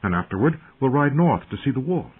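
Casting note: a man playing a young hot-blooded lord, voice lifted high above his own, earnest, on a tinny line. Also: big pitch swings, a little fast, husky. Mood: tender, hopeful. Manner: earnest, raised in anger, hushed when tender. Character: proud hot-tempered young lord, an older brother. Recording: narrow phone-like sound.

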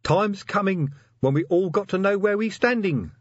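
A man's voice: high voice, animated, normal speed, no room sound, highs cut off, voice pushed up. A man voicing a sly male troll crime boss who talks in a musing, mock-friendly way.

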